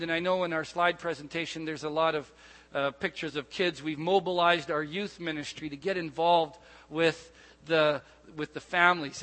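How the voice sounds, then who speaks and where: A middle-aged man preaches a sermon, telling stories in an animated way, full of asides and restarts. His voice sits high and sounds bright. It rings with the long reverb of a church hall. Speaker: pastor.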